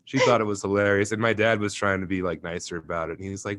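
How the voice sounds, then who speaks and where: A young adult man, a stand-up comedian, chats casually in an interview, with a voice that sits a little low. He tells stories with gusto, laughs often and slips into mimicking other people's voices. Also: flat delivery, fast talker, few pauses, a bit bright.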